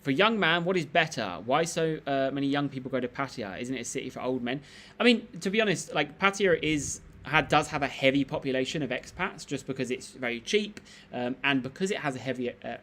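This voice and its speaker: A man's voice: medium pitch, expressive, brisk, a bit bright, slight background noise. A man hosting a live stream, chatting casually and reading out comments in a rambling, laid-back way with lots of fillers and restarts.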